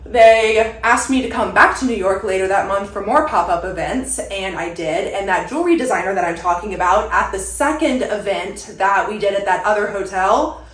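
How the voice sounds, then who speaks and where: A young woman content creator talks casually to her viewers from a room at home, rambling along and saying "like" constantly. She has a medium-pitched voice and a normal pace, and the vlog recording has a roomy echo.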